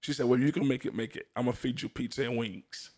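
In a fast, steady, somewhat dark voice of medium pitch, a young man gives his personal testimony in a laid-back chat. Earnest in tone, he laughs often and repeatedly restarts.

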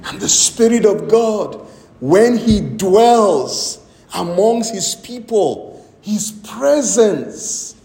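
A man preaching a sermon in a high, lively voice that rises and falls with every phrase. He takes his time, drawing out each line and acting out the people in his stories. The room around him rings with echo. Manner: storytelling with acted-out quotes, emphatic preaching. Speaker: pastor.

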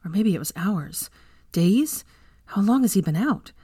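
A woman reading fan fiction aloud as an audiobook narrator, in a measured, even storytelling voice. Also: medium pitch, breathy edge, dry recording, studio quality.

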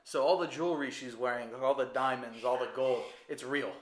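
A man co-hosting a casual podcast chat about a film, telling scenes with lively energy and acting out the characters' lines. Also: medium pitch, a little fast. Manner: animated storyteller who acts out scenes. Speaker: podcast co-host. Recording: roomy echo.

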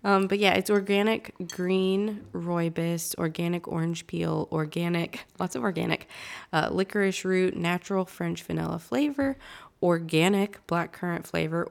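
Female podcast co-host, raspy gravelly tone, lower-pitched, chatty and easygoing. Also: moderate pace. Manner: laughs often, chatty. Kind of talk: casual chat.

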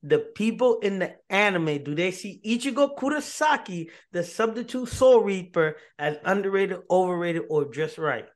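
A podcast host chatting casually with his co-hosts. He is a man with a fairly high voice. He talks in an excitable way and restarts his sentences as he thinks. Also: normal speed, hardly any pauses. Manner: excitable, repeats himself while thinking. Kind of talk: casual chat.

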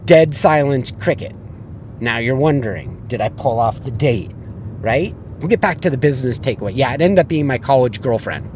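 A man's voice: medium pitch, normal speed, a little hiss or hum. A man with a blunt, profane way of talking, acting out the people in his story and then giving sales advice as a business coach. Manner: animated storyteller who acts out the people he quotes.

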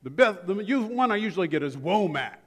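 Pastor preaching with humor, reverberant hall. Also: male voice, high-pitched, lively intonation, fairly quick, a bit bright, slightly rough. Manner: conversational preaching with humorous asides. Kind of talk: sermon.

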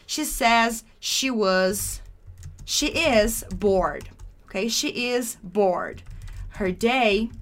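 A woman's voice: a little high, a bit bright. A woman teaching English, explaining a class dialogue patiently and repeating key phrases for learners.

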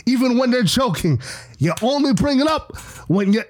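A man co-hosting a podcast in casual chat, animated, swearing a lot and swinging between a deep voice and a high one. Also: normal speed. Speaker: podcast co-host.

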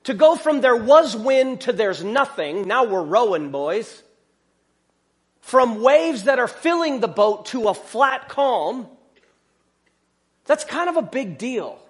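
A pastor preaching a sermon in a conversational way, full of rhetorical questions and joking asides. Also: male voice, very high voice, very animated, slow pace.

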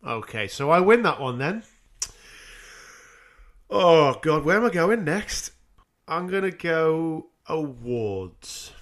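A man co-hosting a music podcast, chatting casually, animated and sweary, laughing easily. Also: on the high side. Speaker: podcast co-host.

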